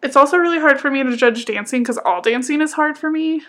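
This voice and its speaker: A woman's voice: high-pitched, fast talker, a bit bright. A woman co-hosting a casual chat, reading nominees and joking at her own stumbles over names. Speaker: co-host. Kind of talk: casual chat about music awards.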